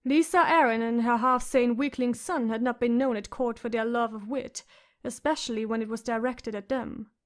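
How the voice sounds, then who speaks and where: A woman narrating an audiobook in a measured, expressive way. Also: fairly high pitch.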